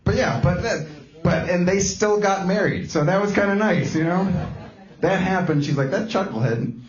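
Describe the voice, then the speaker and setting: A man's voice: sits high, moderate pace, reverberant, muffled recording. A man doing live stand-up comedy with a guitar, telling a story in rambling bursts full of restarts. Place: small comedy club.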